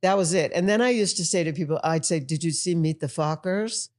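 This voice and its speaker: A woman's voice: on the low side, brisk. A woman in her sixties, a tantra teacher, telling stories effusively in a podcast conversation. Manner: effusive, animated storyteller.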